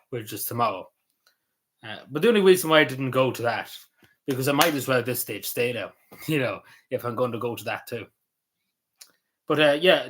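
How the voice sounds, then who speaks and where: An Irish man streams a casual chat in a medium-pitched, slightly bright voice. He rambles loosely and meanders, packing his talk with ums, uhs and likes.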